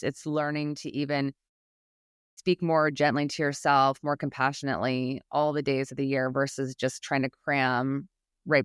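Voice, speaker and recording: A woman's voice: very deep voice, smooth, dry recording, clean studio sound. A woman guest expert on a podcast, talking about public speaking anxiety in an earnest, encouraging way, often restarting her sentences. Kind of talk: podcast interview.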